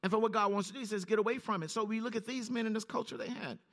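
A man preaching a sermon, reading scripture in a low, steady voice and then rising sharply in pitch as he comments on it. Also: rapid-fire.

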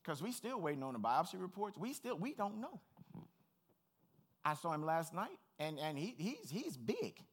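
A man's voice: a little high, big pitch swings, moderate pace, long pauses. A middle-aged man preaching a sermon as pastor, earnest, personal and plain-spoken.

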